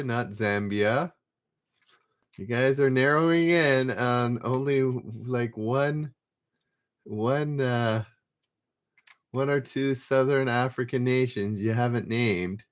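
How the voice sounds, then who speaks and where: A man hosts a live trivia stream, reading questions aloud and chatting easily with viewers in the chat while laughing often. His mid-range voice takes things slowly.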